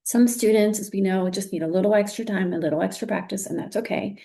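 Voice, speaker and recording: A woman's voice: medium pitch, quick pace, vocal fry, warm tone. A woman leading a recorded teacher training, walking through examples patiently and encouraging with frequent praise.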